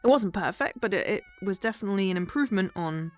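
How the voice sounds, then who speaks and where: A woman's voice: medium pitch, animated, fast, soft background music. A woman streaming a game, chatting casually in a rambling, easily sidetracked way.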